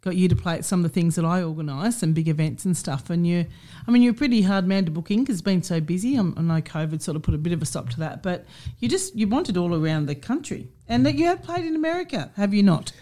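A woman's voice: on the low side, lively intonation, fast talker, mellow. A woman co-hosting a radio chat, teasing and upbeat. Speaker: radio co-host. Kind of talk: casual chat.

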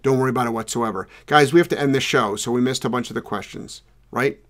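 A man hosting a live dog training podcast, talking loudly and rambling in an excitable, casual way. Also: mid-range voice, quick pace. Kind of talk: casual live show chat.

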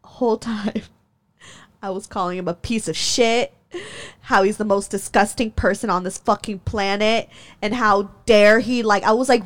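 A woman's voice: fairly even intonation, a little slow. A young woman telling a personal story in casual chat, heated and profane, laughing often and full of "like" fillers. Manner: jumps in pitch when worked up.

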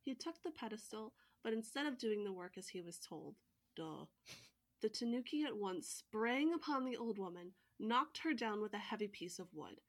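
A woman co-hosting a podcast, reading a folktale aloud in an even storytelling manner with joking asides. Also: medium pitch, moderate pace.

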